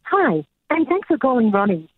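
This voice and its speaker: Woman caller, polished announcer delivery, husky, tinny phone line. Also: on the high side, big pitch swings, moderate pace, no room sound. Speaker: caller, flight attendant. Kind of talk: phone-in caller doing a recorded-message voice.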